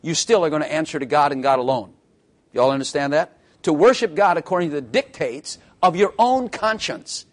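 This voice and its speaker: Emphatic preacher, fairly high voice. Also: male voice, expressive, brisk. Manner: emphatic, repeats phrases, asks the congregation questions. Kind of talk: sermon.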